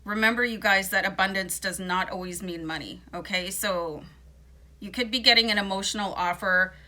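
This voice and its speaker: Woman tarot reader, bright forceful tone, slight morning voice, talks in a loose, reassuring way. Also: medium pitch, moderate pace. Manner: chatty, reassuring, many fillers. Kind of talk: casual tarot card reading.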